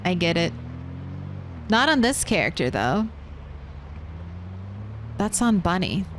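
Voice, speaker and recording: Slow-talking woman streaming a game. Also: on the low side, very animated, a little hiss or hum. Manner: chatty, reads and answers chat while playing. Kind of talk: casual gaming stream chat.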